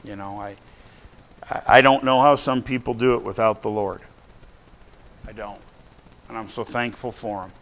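In a church where the congregation responds, a man preaches bluntly and conversationally, often asking "right?" to check in with listeners. His voice sits on the low side, steady and a touch bright, at a moderate pace with long pauses, and there's a slight hiss or hum.

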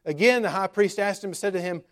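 A man's voice: high voice, fairly quick, fairly bright tone. A male pastor preaching a sermon, retelling scripture in plain everyday words with a conversational manner and frequent filler sounds.

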